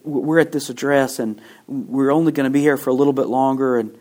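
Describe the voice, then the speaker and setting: Male preacher doing a scared, crying young woman caller, stammering, halting. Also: medium pitch, steady tone, a little mellow, close to an everyday voice. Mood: panicked.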